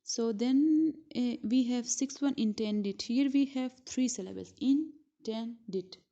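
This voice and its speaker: A woman teacher from Pakistan giving a school lesson, speaking slowly and repeating words syllable by syllable. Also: on the high side, mellow. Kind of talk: recorded classroom lesson. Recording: dull lo-fi recording.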